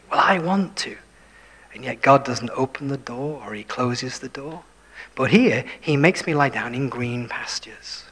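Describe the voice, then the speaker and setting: A man preaching a sermon, dropping to hushed whispers for emphasis and putting questions to his listeners. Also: medium pitch, breathy edge. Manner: shifts between full voice and hushed whispers for emphasis; self-deprecating, asks the listeners questions. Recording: long hall reverb.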